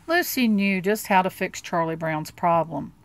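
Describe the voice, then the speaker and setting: A woman reading a children's book aloud with expressive, lively narration. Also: on the low side, moderate pace. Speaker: storybook reader.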